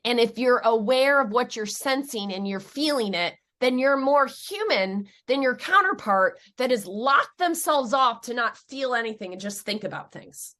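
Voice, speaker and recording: A woman in her forties from upstate New York, telling stories in an interview and jumping high and loud when she gets excited. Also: normal speed, hardly any pauses. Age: 40s. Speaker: guest. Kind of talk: animated interview storytelling.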